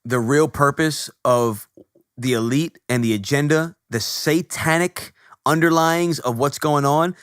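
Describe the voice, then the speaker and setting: A man's voice: a little high, a little slow, smooth, no room sound. A man co-hosting a podcast, speaking earnestly and preachily about faith and distrust of the media. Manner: earnest, preachy, religious talk; animated, laughing and shouting at the close. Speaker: podcast co-host. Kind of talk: casual podcast talk.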